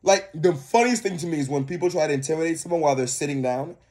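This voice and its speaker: A man's voice: fairly high pitch, fast, darkish tone. A young man co-hosting a reaction video, ranting in heated, profane casual commentary.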